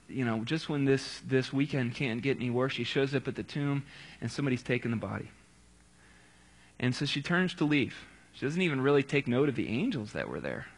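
A man's voice: medium pitch, fairly bright tone, breathy edge. A man preaching a casual sermon, retelling scripture in a conversational way with quips and asides.

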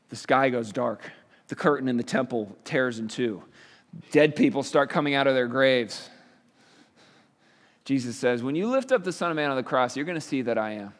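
A middle-aged man preaching a sermon as a pastor, explaining scripture in a conversational way with rhetorical questions. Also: medium pitch. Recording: reverberant hall.

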